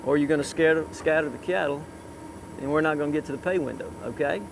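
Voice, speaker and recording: Male cutting horse trainer, high voice, barking repeated short cues at a rider outdoors, faint traffic behind. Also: fast, vocal fry. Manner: calls out short repeated commands. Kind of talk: live riding coaching. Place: outdoor riding arena.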